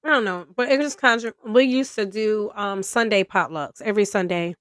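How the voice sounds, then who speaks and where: A woman co-hosting a podcast in casual chat, talking in a relaxed, slangy way with lots of fillers and restarts, and sometimes reading an article aloud. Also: mid-range voice, moderate pace, no echo, clean studio sound. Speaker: podcast co-host.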